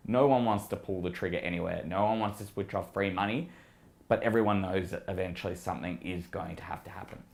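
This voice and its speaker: A man with an Australian accent, speaking as a guest strategist. He talks through the markets in a low voice, analytical and at times emphatic. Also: quick pace, gravelly. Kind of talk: casual market discussion.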